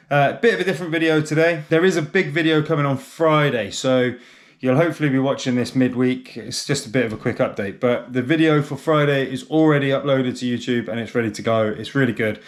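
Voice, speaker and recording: A man hosting a casual car vlog, chatty and chummy with rambling asides. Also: mid-range voice. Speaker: channel host.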